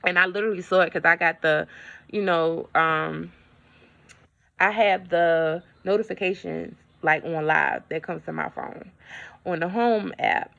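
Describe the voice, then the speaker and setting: A woman's voice: fairly low pitch, steady tone, measured pace, creaky, fairly bright tone, muffled recording. A woman vlogger in a casual update, telling a story in a chatty way and talking straight to her viewers.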